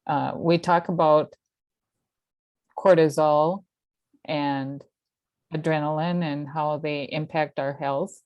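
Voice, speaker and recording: A woman's voice: low voice, fairly even intonation, slow, pauses often, no room sound, lo-fi sound. A woman hosting a conversation, reflective, summing things up and laughing easily. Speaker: host. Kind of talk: casual conversation.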